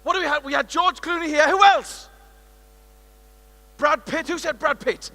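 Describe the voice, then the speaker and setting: A British man from the United Kingdom giving a lively, playful keynote on stage in a large conference hall, working the crowd as he tells a story. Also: extremely high pitch, moderate pace. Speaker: keynote speaker.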